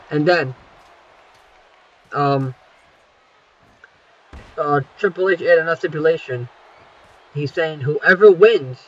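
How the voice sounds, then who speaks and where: A man's voice: fairly high pitch, highs cut off. A man giving a loose, rambling, casual recap as a self-styled general manager, swearing constantly.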